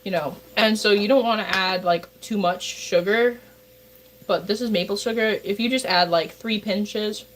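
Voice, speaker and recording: A woman's voice: medium pitch, moderate pace. Chatty woman livestreaming from a noisy kitchen. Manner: rambling, chatty, talks to her chat. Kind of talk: casual livestream chat while baking. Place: home kitchen.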